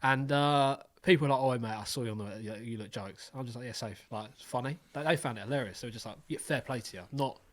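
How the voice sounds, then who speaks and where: Man, podcast host, rapid talk, lively swearing anecdotes, mid-pitched. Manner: animated storytelling, swears freely, acts out voices. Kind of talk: casual chat.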